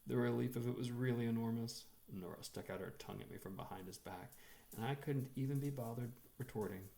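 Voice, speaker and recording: A man reading a short story aloud in a measured, expressive storytelling manner. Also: mid-range voice, vocal fry. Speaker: reader.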